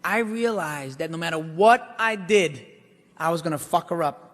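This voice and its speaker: A man performing a brash, animated stand-up monologue, swinging between loud outbursts and hushed asides. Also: fairly high pitch, moderate pace, big-room sound, a little hiss or hum. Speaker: comedian. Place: theater stage.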